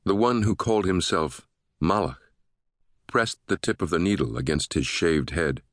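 A man narrating a thriller audiobook in a steady, measured way. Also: deep voice, no room sound, clean studio sound.

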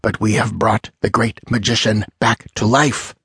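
A man's voice: mid-range voice, slow pace, vocal fry, husky, no room sound, studio quality, full character voice. A man voicing a frantic male sorcerer in ermine robes in an audiobook, hissing urgent commands and breaking into exultant cries. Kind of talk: audiobook character voice.

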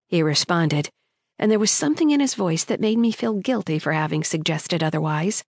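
A woman narrating a first-person romance audiobook in a measured storytelling manner, recorded close on a studio mic. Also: lowish voice, expressive, creaky, darkish tone, slightly rough, dry recording.

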